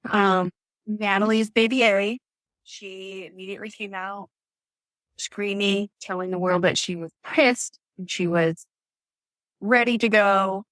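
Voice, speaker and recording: Woman chatting casually, laughs a lot, does the voices of people she quotes, dry close sound, normal pitch. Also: steady tone, unhurried, a bit bright, no room sound, low-quality recording. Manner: laughs often, acts out others' words; chatty, lots of fillers. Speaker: podcast guest telling her birth story. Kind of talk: casual storytelling.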